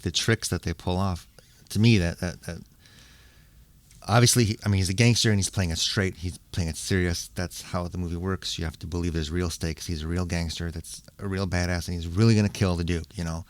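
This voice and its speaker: A man's voice: deep voice, no room sound. A man co-hosting a podcast, thinking aloud and asking questions in a casual film discussion. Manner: thoughtful, asks questions while thinking aloud. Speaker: podcast co-host.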